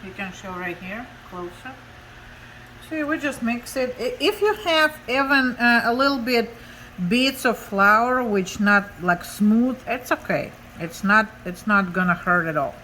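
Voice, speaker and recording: A woman's voice: fairly high pitch, expressive, measured pace, pushed and bright, roomy sound, slight background noise, poor audio. A woman from Russia with a Russian accent, chatting her way through a home cooking demonstration in her kitchen, explaining each step in broken English. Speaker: cooking show host.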